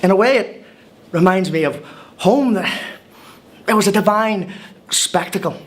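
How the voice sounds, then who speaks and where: A man's voice: high voice, animated, unhurried. An actor with an Irish accent playing a cheerful, wide-eyed newcomer in a scripted comic film monologue. He tells his story in a chatty, wry way, with hesitant restarts. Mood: wry storytelling. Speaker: monologue narrator.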